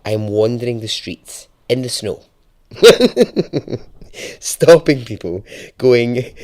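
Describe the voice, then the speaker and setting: A young Scottish man hosting a podcast, telling a true story in a chatty, expressive way that turns hushed and dramatic. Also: mid-range voice, slow pace. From Scotland. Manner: lively, chatty and profane, dropping to a hushed, dramatic tone for dark moments. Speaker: podcast host. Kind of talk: conversational true-story narration.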